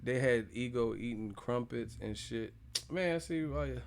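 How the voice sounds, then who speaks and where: A young man from the United States, hosting a casual live stream and joking loudly with lots of profanity. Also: medium pitch, measured pace, creaky, slight background noise. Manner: loud, profane, joking, laughs a lot.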